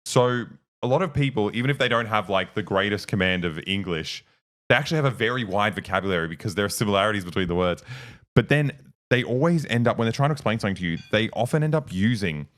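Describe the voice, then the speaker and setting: Laid-back Australian man, lowish voice. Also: expressive, fast, fairly bright tone. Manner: swears freely, laughs often. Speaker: co-host. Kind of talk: casual podcast chat.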